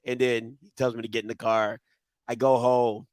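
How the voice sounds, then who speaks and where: A man's voice: medium pitch, level tone, normal speed, a little mellow, no echo. A young man telling a childhood story on a talk show, acting out his younger self with screams and laughter. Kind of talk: animated storytelling.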